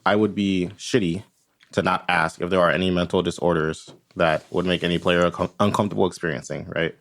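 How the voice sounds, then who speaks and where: A man acting as game master for a tabletop game rambles casually, tagging his points with "right?". His low-pitched voice is steady and a bit bright, and he talks a little fast.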